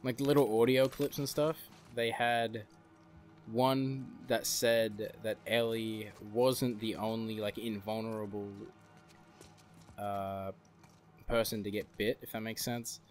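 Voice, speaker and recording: A man's voice: lowish voice, flat delivery, slow, a little mellow, soft background music. A young man doing casual gameplay commentary, chatty and rambling, with some swearing. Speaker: gaming youtuber.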